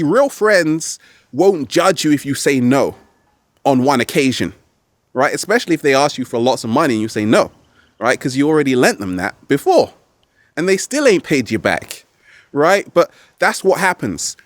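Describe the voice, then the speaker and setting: A man giving motivational advice as a vlog host, animated and playful, recorded outdoors in nature. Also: mid-range voice, moderate pace, dry recording. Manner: animated, playful, slips into exaggerated quoted voices. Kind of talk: motivational talk to camera.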